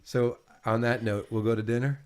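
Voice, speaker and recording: A man's voice: mid-range voice, level tone, normal speed. A middle-aged man in an intimate casual chat with his partner, rambling and repeating words, often emotional. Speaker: host interviewing his partner.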